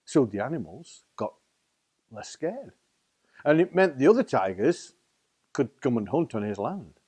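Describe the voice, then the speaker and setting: A man's voice: mid-range voice, big pitch swings, a little slow, darkish tone, husky. A man with a Staffordshire accent telling a children's story in a playful, theatrical way. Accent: Staffordshire English. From England. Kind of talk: oral storytelling.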